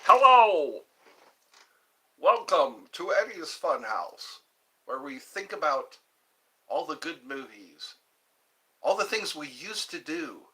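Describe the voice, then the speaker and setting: A middle-aged man from Georgia in the US Deep South hosts a casual livestream, his voice on the high side, bright and forceful, with big pitch swings and a slow pace. He reminisces in a rambling way and answers viewers in the chat.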